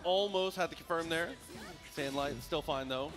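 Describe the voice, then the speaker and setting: Steady male play-by-play commentator. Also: on the high side, normal speed, music in the background. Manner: steady play-by-play, explains technique. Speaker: fighting game commentator. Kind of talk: live esports commentary.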